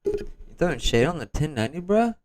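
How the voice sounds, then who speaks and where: A man's voice: fairly high pitch, sing-song, a little fast, darkish tone, no room sound. A man hosting a reaction video, commenting casually in street slang. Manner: casual, street slang, asks questions aloud.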